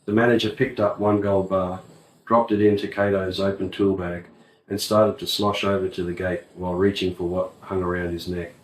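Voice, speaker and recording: A man reading an audiobook in a plain, even way. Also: sits low, normal speed. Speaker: audiobook narrator. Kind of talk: audiobook narration. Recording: roomy, distant mic.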